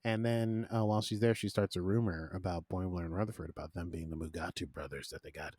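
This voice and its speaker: A man's voice: deep voice, steady tone, fast, a little mellow, dry recording. Chatty man recapping an episode. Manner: chatty, jokey, self-deprecating. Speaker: podcast host. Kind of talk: casual podcast recap.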